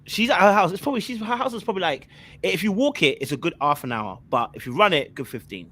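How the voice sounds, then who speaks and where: A young man tells a long personal story on a podcast panel, his voice bright and forceful. He sits a touch higher than most men, and he talks in lively, slangy bursts that circle back on themselves. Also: fast talker. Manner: animated, repetitive, slangy storyteller. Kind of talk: casual storytelling.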